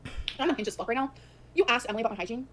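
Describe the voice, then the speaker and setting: Woman livestreamer, very fast talker, fairly high voice, emphatic and repetitive, venting. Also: lively intonation, fairly bright tone. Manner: rapid, emphatic storytelling with repeated lines.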